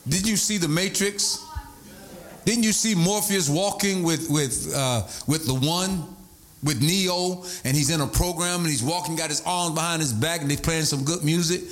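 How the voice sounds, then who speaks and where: A male pastor preaching a sermon, animated, shouting at times and sliding into a sing-song high voice. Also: normal speed.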